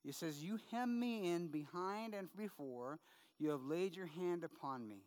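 A man's voice: on the high side, expressive, a little slow. A middle-aged male pastor preaching a sermon in a chatty, conversational way, often checking in with "right?" and telling funny stories from his own life. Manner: conversational, tag questions, humorous anecdotes. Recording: long hall reverb.

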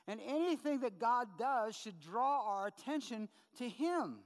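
A man's voice: very high-pitched, lively intonation, a little slow, few pauses. A middle-aged male pastor preaching a sermon in a chatty, conversational way, often checking in with "right?" and telling funny stories from his own life. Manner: conversational, tag questions, humorous anecdotes. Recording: long hall reverb.

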